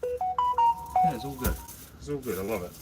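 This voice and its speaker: A man's voice: medium pitch, expressive, a little slow, loud music behind the voice. Chatty man livestreaming. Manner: chatty, reads out and answers viewer comments. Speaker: livestream host selling jacket potatoes. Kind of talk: casual livestream chat with viewers. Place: inside a food van.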